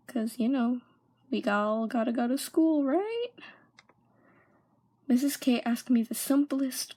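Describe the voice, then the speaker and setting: A young woman vlogger tells a personal story in a slightly high voice. She halts now and then and often falls into hushed whispers. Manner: halting, drops into hushed whispers.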